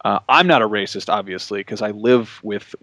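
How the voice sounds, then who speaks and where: A man co-hosting a podcast in casual comedic chat, rambling and halting with lots of fillers. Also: fairly low pitch, bright, forceful tone, no echo. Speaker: podcast co-host.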